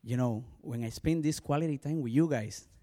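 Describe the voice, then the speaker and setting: Pastor with a strong Spanish accent. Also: male voice, mid-range voice, normal speed. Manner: animated storytelling, full of "you know" asides. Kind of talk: personal testimony sermon.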